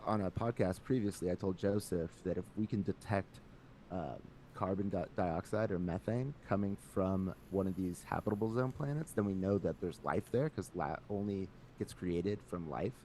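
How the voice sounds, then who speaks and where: A man's voice: low-pitched, moderate pace, warm tone, a little hiss or hum. A man co-hosting a casual podcast, joking around and laughing often as he talks. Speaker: podcast co-host.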